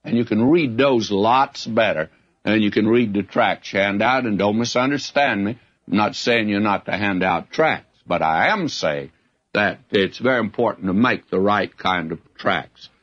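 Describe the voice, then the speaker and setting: A man's voice: lowish voice, moderate pace, a bit bright, dull audio. A man preaching a verse-by-verse sermon as a Bible teacher, in a folksy way with frequent asides.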